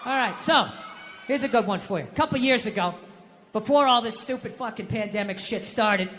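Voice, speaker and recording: A middle-aged man doing a stand-up comedy set, animated and swearing as he rants. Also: very high voice, a little fast, long reverb tail, noisy background.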